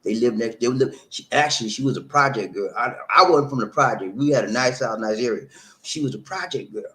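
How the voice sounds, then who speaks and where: A middle-aged man tells viewers about his own past. He talks emphatically, keeps adding "man" at the end of lines, and laughs at himself, at a middling pitch for a man. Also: a little fast, bright, forceful tone. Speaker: vlog host. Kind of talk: personal storytelling to viewers.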